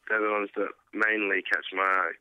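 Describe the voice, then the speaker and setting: A man's voice: fairly low pitch, little pitch movement, normal speed, sharp tone, no echo, rough recording. A young man being interviewed as a guest musician, answering in an easygoing, hesitant way with many fillers. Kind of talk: casual interview.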